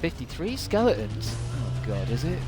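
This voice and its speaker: A man's voice: medium pitch, sing-song, moderate pace, over loud music. A male game streamer chatting at his desk at home, rambling with self-mocking jokey asides as he signs off. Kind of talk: casual stream sign-off chat.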